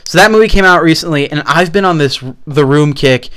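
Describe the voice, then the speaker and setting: A man's voice: on the high side, a little fast, fairly bright tone. A young man co-hosting a podcast, telling rambling stories in casual chat with plenty of fillers and swearing. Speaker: podcast co-host.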